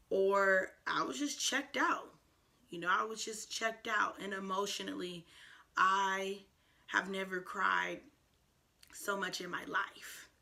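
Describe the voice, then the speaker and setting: A woman in her twenties talking to camera in a personal vlog, soft, reflective and earnest, with frequent fillers. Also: medium pitch. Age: 20s. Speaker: vlogger.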